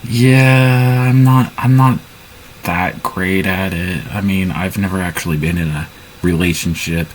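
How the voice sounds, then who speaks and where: A man's voice: low-pitched, fairly even intonation, unhurried, a little hiss or hum, rough recording. A man improvising his part in a casual role-play, hesitant and full of restarts. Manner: hesitant, many restarts and fillers.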